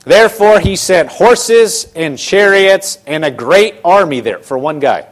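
A man preaching a sermon, retelling a scripture story in casual, animated voices. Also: sits high, measured pace.

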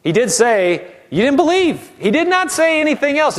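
Conversational preacher, drawn-out emphasis. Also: male voice, very high-pitched, big pitch swings. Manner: conversational, mimics doubters in hushed mocking voices; stretches out key words slowly for emphasis. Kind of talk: sermon.

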